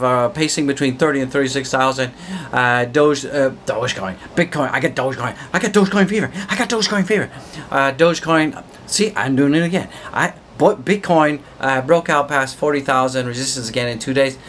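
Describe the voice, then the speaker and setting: A man hosting a crypto channel, excitedly talking through market charts, whooping and riffing with repeated words. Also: a little high, slight background noise. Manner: repetitive, riffing wordplay. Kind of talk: hyped market commentary vlog.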